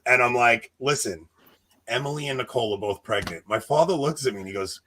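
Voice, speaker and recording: A man in his thirties telling a long personal story in casual chat, animated and laughing, acting out what people said. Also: mid-range voice, a little fast, a little hiss or hum. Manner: animated, laughing, acts out quotes. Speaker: podcast co-host telling a story.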